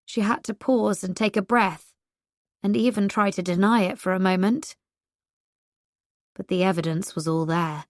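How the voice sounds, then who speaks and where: A woman narrates a romance audiobook in a wry, even manner. Her voice sits at a middle pitch. The recording is dry and close. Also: moderate pace, pauses often, dry recording.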